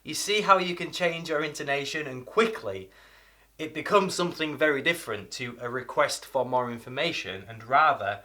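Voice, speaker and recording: A middle-aged British man with a British English accent, teaching an energetic English video lesson and acting out examples with shifting intonation. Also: mid-range voice, moderate pace. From Britain. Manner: lively, acts out examples with changing intonation.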